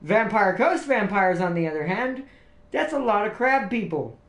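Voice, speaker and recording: A man's voice: high-pitched, sing-song, normal speed, a bit bright. A man hosting a livestream, chatting casually and laughing often, rambling with restarts. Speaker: livestream host. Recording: roomy echo, faint music behind.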